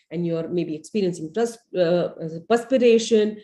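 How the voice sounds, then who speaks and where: A middle-aged parenting coach leads a live webinar, speaking earnestly as she walks listeners through a visualization and frequently checks in with "you know" and "right?" Her medium-pitched voice is warm, lively in intonation and a little slow.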